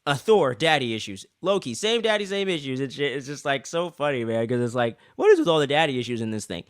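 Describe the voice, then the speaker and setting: A man co-hosting a casual review show, rambling and swearing as an excited fan. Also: medium pitch, fast, clear, resonant tone, no echo, studio quality. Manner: rambling, profane, excitable fan talk with many fillers. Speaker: podcast co-host reviewing an episode.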